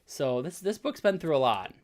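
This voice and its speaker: A man's voice: a little high, big pitch swings, normal speed. A man in his thirties, a podcast co-host, telling a long story in casual chat with many filler words and restarts. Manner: rambling storytelling with frequent "like" fillers.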